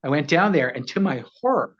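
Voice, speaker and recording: A man in his sixties telling stories as an actor guest in a casual interview, animated and laughing often as he acts out quoted voices. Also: on the high side, a little fast. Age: 60s. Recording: muffled lo-fi audio.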